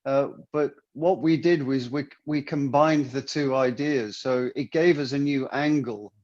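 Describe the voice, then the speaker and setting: A man with an English accent, a singer who is a guest on a video call, friendly and relaxed in casual chat. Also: mid-range voice, a little slow. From London, England. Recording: dull, muffled video-call audio.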